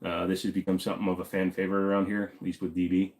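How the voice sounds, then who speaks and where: A man's voice: deep voice, flat delivery, very fast, a little mellow. A man from Virginia hosting a casual live Q&A, rambling and joking while he answers chat questions. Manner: rambling, joking, talks while fiddling with gear.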